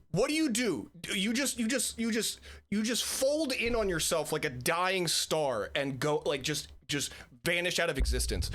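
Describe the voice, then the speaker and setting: A male streamer reacts to clips, his voice a bit high and bouncing all over the place. He laughs often and swears freely, with loose, excited commentary.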